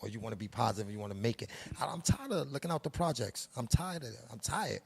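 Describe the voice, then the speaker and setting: A man's voice: medium pitch, animated, quick pace, gravelly, slightly rough. A middle-aged man with a New York accent from Harlem, speaking casually and emphatically in an interview, full of street slang and life lessons. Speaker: production company head.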